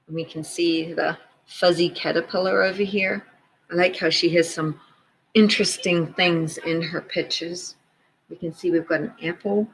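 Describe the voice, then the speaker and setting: A woman teacher reading a picture book aloud to children, gently pointing out details in the pictures as she goes. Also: lowish voice, fairly even intonation, moderate pace, slight background noise, poor audio.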